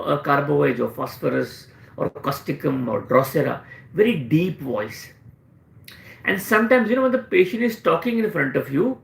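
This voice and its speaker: A man's voice: fairly high pitch, vocal fry, reverberant. A man with an Indian English accent, a homeopathic doctor answering questions and teaching in a live session, explaining with repeated emphasis.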